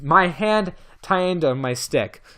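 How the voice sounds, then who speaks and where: A man's voice: high-pitched, expressive, takes it slowly, bright, forceful tone, smooth. A man reading a novel aloud as amateur audiobook narration, often stumbling and restarting words. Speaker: audiobook reader.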